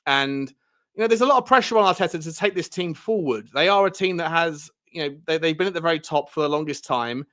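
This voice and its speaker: A man's voice: on the high side, fast talker, fairly bright tone. A man co-hosting a football podcast in casual chat, rambling, with many fillers and restarts.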